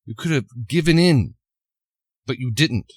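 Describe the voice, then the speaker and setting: A man voicing a calm, solemn masked male vigilante, speaking in a measured, earnest way. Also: medium pitch, slightly rough, no echo.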